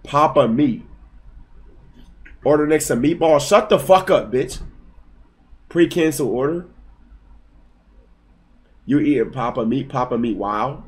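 Young guy in his 20s streaming from his room, loud n excitable, swears a lot, yells at chat, mid-pitch voice. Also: slow pace, long pauses. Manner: excitable, profane, talks back to chat, bursts into yelling. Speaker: livestreamer. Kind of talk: casual live-stream chat. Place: at home.

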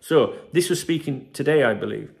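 A man's voice: medium pitch, animated, normal speed, gravelly, darkish tone. Guy hosting a footy channel, chatty, keeps saying right, swears a bit. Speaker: football channel host. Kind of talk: casual commentary to camera.

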